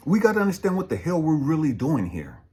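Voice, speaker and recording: Blunt preachy man, lively pitch. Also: fast. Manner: preachy and blunt, swings between loud and hushed. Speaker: spiritual coach. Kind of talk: motivational talk.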